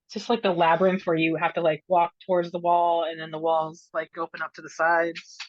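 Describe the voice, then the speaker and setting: A woman's voice: on the low side, level tone, fairly quick, no echo, highs cut off. A woman playing a tabletop game, chatty and casual, with many filler words. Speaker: player.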